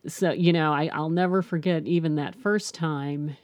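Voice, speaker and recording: A middle-aged woman with a low, mellow voice tells her own story as an interview guest. She speaks candidly and reflectively, circling back with restarts and "you know". The sound is dry and close. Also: fairly even intonation, moderate pace, dry recording.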